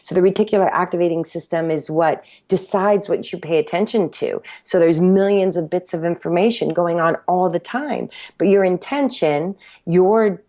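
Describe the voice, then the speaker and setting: A woman who teaches fitness speaks with passion and emphasis. Her voice sits somewhat low for a woman. She often lifts into the words she is quoting to herself. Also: moderate pace, hardly any pauses, dark tone. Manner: passionate, emphatic, acts out her own self-talk. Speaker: fitness instructor and workout creator. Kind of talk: interview conversation.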